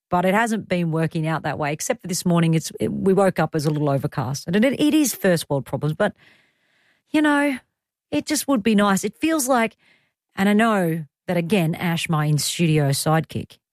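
In a radio studio, a middle-aged woman with a mid-range voice and an Australian accent rambles through casual chat, laughing easily. The sound is studio quality with no room sound.

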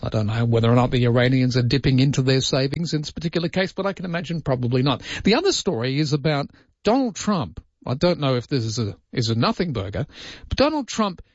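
A man's voice: mid-range voice, expressive, fast, no echo, muffled recording. A man hosting talk radio, wry and rambling with jokey asides. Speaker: radio host.

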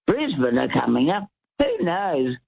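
A man's voice: on the high side, huge pitch swings, a little slow, gravelly, breathy edge. A man with a West Australian accent, chatting on the radio in a rambling way. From Western Australia. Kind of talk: casual radio chat. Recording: tinny phone line.

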